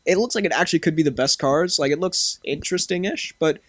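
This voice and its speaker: Young man, podcast host, casual chat, slightly high voice, dry close sound. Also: fast, a bit bright, no room sound. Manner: chatty, laughs often, many restarts.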